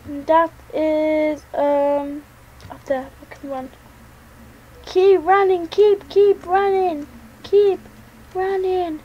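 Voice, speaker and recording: A high-pitched woman narrates her game as she plays, jumpy and thinking aloud. She talks slowly and mutters her next moves as they come to her. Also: fairly even intonation, dull audio. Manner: jittery, talks to herself while playing. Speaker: gaming channel host. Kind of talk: let's play commentary.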